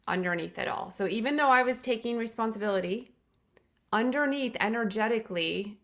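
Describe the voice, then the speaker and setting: A woman's voice: mid-range voice, vocal fry. A middle-aged woman, a podcast guest, telling a personal story in an earnest, reflective way with emphatic restarts.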